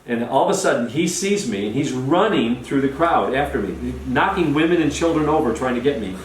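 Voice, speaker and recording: Animated man telling a story, roomy sound. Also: mid-range voice, fairly quick. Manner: excited, many restarts and repeats. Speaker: storytelling guest. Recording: roomy, distant, faint noise.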